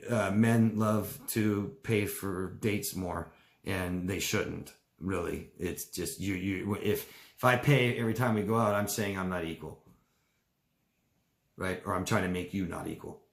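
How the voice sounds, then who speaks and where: A man coaching live and answering viewer questions in casual talk, rambling and repeating himself, now and then mimicking people in mocking high voices. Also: measured pace, creaky, reverberant.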